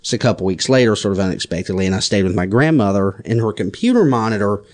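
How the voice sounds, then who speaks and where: A young man chatting casually, telling animated stories. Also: fairly low pitch, quick pace. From United States. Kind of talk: casual chat.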